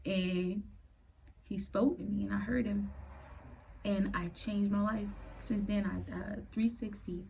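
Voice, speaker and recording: A woman in her late twenties hosting a podcast. She tells her personal faith story in an earnest, halting way and is close to tears. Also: mid-range voice, steady tone, creaky, dark tone, a little hiss or hum, low-quality recording. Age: late 20s. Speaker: podcast host.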